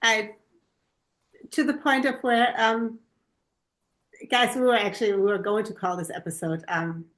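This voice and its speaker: A woman's voice: fairly high pitch, steady tone, a little slow, pauses often, fairly bright tone. A woman from Germany co-hosting a parenting podcast, chatting casually and telling stories with lots of ums. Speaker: podcast co-host.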